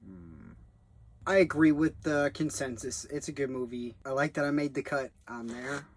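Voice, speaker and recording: A man's voice: medium pitch, moderate pace. A young man rambling in a loose, profane way as he reviews a film he worked on as a background actor. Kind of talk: rambling casual monologue.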